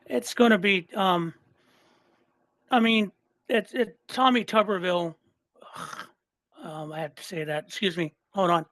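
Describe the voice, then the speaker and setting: A man guesting on a podcast, talking in loose, animated chat and cursing freely. He retells comedy bits and repeats himself to drive points home. His voice is recorded dry, with no room sound. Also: high voice, a little slow, pauses often, dry recording. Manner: emphatic, repeats himself for stress.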